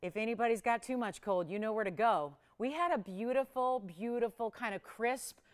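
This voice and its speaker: A woman's voice: a little high, normal speed, clear, resonant tone. A woman hosting a live jewelry shopping show from a studio, chatting upbeat and laughing often as she sells. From Los Angeles area resident. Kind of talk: live on-air sales chat. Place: television studio.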